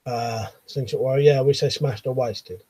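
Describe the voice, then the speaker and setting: A late-thirties Englishman streams a casual chat from his bedroom, reading viewer messages aloud with easygoing, chuckling banter. He speaks at a moderate pace in a mellow voice of medium pitch, with no room sound.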